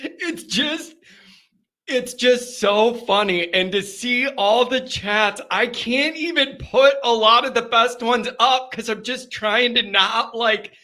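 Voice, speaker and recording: A man's voice: very high voice, slow, hardly any pauses, sharp tone. A man hosting a casual live call-in fan show, rambling and tripping over his words. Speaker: sports fan show host.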